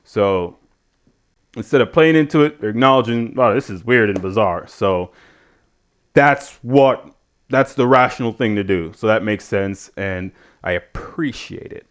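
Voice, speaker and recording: A man's voice: on the low side, unhurried, clean tone. Sardonic, foul-mouthed man ranting. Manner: swears freely, rambling and sardonic. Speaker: show host reviewing wrestling. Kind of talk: casual profane rant.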